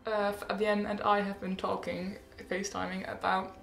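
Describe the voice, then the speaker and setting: A woman's voice: mid-range voice, flat delivery, normal speed, creaky, fairly bright tone, echoey room. A teenage girl chatting casually in a rambling, bubbly update vlog, often laughing and correcting herself. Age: teens. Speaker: vlogger.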